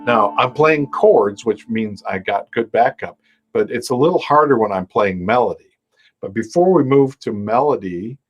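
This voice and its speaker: A man teaching a live online music lesson on timing. He explains things patiently, counts beats aloud, scats rhythms and sings short bits of a folk song while he plays. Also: on the low side. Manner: explains timing with counting, scatting and sung demonstrations over his own playing. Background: his own dulcimer playing.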